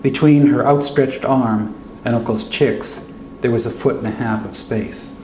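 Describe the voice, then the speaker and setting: Male author reading fiction at a podium, mid-pitched, echoey hall. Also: a little slow. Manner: steady first-person narration. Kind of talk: reading his fiction aloud. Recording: echoey hall with faint hum.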